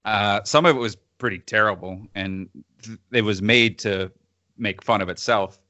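A man's voice: fairly low pitch, normal speed, pushed and bright, dry recording, muffled recording. A man in casual chat, co-hosting and reviewing films, sardonic and often laughing between phrases. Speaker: podcast co-host reviewing films.

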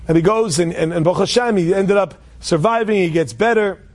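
Man, high voice, casual inspirational storyteller, loose and restarting, Hebrew words sprinkled in. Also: a little fast, hardly any pauses. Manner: conversational, with frequent restarts and Hebrew and Yiddish terms.

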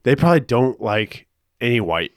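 A man's voice: medium pitch, big pitch swings, moderate pace. A man co-hosting a podcast, talking in a loose, crude, joking way with a mid-range voice. The sound is dry and close, with no room echo. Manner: laid-back, crude, laughs often. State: wheezy from allergies. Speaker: podcast co-host. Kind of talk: casual chat.

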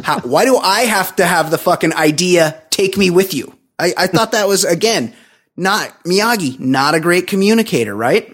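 A man co-hosting a podcast, recapping a film in a crude, joking, animated way and slipping into quoted voices. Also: sits high, moderate pace. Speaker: podcast co-host. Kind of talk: casual movie recap chat.

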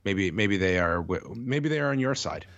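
A man co-hosting a casual chat podcast while sick, talking in a measured, thoughtful way. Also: lowish voice, lively intonation, a bit bright, no room sound, dull audio. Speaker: podcast co-host.

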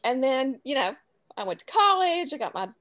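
Chatty Southern woman, higher voice. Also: big pitch swings, normal speed, a bit bright. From Louisiana. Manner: chatty, rambling, laughs easily. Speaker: guest author. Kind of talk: casual interview chat.

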